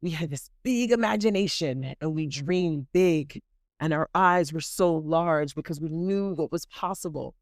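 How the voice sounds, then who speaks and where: A woman hosting a motivational podcast on a close microphone. She speaks emphatically and repeats herself, calls her listeners queens and y'all, and swings between excited bursts and soft, intimate asides. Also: low voice, unhurried, no echo. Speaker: podcast host. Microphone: close studio microphone.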